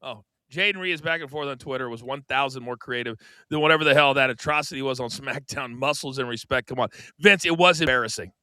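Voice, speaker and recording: Speaking fast with hardly any pauses, a middle-aged American podcast co-host spins a casual story in a medium-pitched, very bright and forceful voice. He performs the dialogue of the people involved, moving from quiet asides to loud outbursts. The recording is close, dry studio sound.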